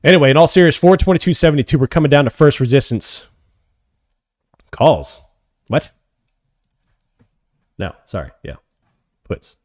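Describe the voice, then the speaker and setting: A man hosting a live options trading stream, calling his trades as they happen and answering chat questions, often excited. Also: on the high side, normal speed, long pauses, dry recording, studio quality. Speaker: options trading livestream host.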